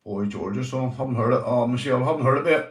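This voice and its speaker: A Northern Irish man hosts a casual livestream and answers viewers' comments as they come in. He talks loosely and swears freely, and he keeps calling people mate. His voice sits at an ordinary pitch for a man, and the room around him sounds echoey. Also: rapid-fire. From Northern Ireland. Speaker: livestream host.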